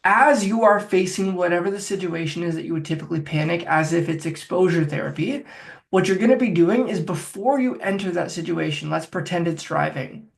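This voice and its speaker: A man's voice: high voice, brisk, vocal fry. A man working as a phobia coach, talking the listener step by step through a guided self-help exercise. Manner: directive, coaching, talks viewer through steps.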